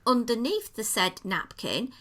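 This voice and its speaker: A woman tells a podcast co-host all about a restaurant visit. Her voice is bright and forward, and she talks in an easy, enthusiastic way, painting each detail as she goes. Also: a little high, very animated, unhurried. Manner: chatty, descriptive, enthusiastic storytelling. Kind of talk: casual chat, restaurant review.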